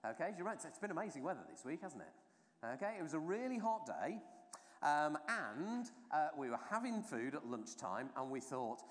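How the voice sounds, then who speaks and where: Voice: medium pitch, very animated, moderate pace. A preacher giving an informal, chatty baptism sermon, telling the story with many asides and fillers. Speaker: clergy trainer preaching at a baptism. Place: church during a baptism service. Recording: long church reverb.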